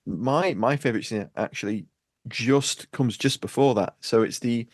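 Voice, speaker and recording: A man's voice: medium pitch, moderate pace, no echo, clean studio sound. A man co-hosting a podcast in casual chat, agreeable and fussy about vehicle details. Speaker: podcast co-host.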